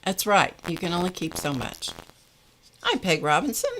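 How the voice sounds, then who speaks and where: Low-voiced chatty woman craft host. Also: very animated, moderate pace, a bit bright, a little hiss or hum. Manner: chatty, reads viewer comments aloud. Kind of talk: live-stream craft tutorial chat.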